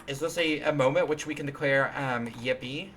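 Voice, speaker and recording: A man's voice: medium pitch, moderate pace, a bit bright, a little hiss or hum. A man hosting a live stream, chatting casually while coding, rambling and playful, with many restarts and fillers. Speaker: livestream host.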